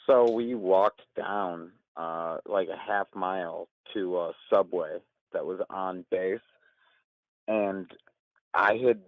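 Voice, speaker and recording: A man's voice: low-pitched, gravelly, no room sound. Young male caller, rambling and profane, dry tinny phone sound. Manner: rambling, laughing, swearing. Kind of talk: casual storytelling.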